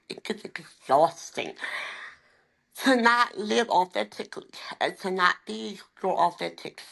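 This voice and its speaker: A woman in her forties, a life coach, talking openly and with deep faith, emphatic and heartfelt, at times holding back tears. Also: gravelly, fairly bright tone, husky. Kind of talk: candid faith-filled interview talk.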